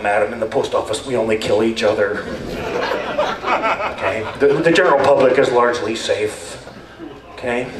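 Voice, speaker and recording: An older man doing rambling, deadpan stand-up storytelling on a stage. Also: mid-range voice, a little hiss or hum. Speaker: stand-up performer. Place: stage at a community talent show. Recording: echoey hall, voice far from mic, faint ambience.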